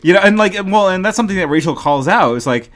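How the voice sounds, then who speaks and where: A man's voice: high voice, lively intonation, quick pace, fairly bright tone. A man co-hosting a casual book-discussion podcast, rambling with lots of fillers and reading passages aloud. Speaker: podcast co-host.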